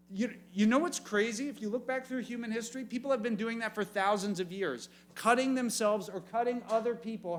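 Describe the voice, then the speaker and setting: A man as youth pastor, preaching an animated sermon and asking the room questions. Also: very high voice. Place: church youth meeting room.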